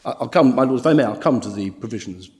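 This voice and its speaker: A man in a courtroom, addressing the judges as a barrister in formal legal submissions, measured but often stumbling into restarts. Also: medium pitch, animated. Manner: measured, with frequent stammered restarts.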